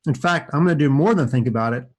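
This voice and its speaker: A man's voice: mid-range voice, fast. A man in his forties giving playful, chatty live chess commentary aimed at children, with jokey asides. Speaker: chess streamer playing kids online.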